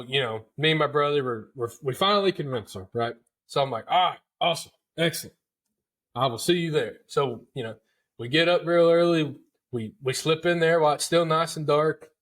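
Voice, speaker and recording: With a fairly high-pitched, fairly bright voice, this podcast host spins a casual hunting tale in a folksy, talkative style, repeating himself and addressing listeners as "dude."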